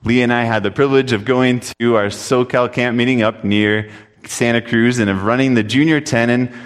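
A man's voice: mid-range voice, fairly even intonation, normal speed, clean tone. A man preaching a sermon, telling a story earnestly and reading scripture aloud. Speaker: pastor. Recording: long hall reverb.

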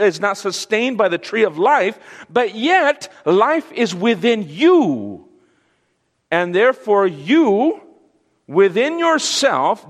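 A man preaching a sermon, teaching slowly and emphatically and asking the audience questions. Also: high-pitched, a bit bright, big-room sound.

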